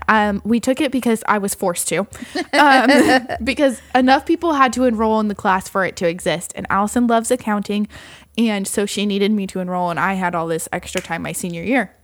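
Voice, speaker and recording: A woman's voice: mid-range voice, fairly quick, dry recording, studio quality. A young woman co-hosting a podcast, telling dating stories in casual chat and acting out both sides of the dialogue. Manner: animated, acts out dialogue with lots of "like". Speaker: podcast co-host.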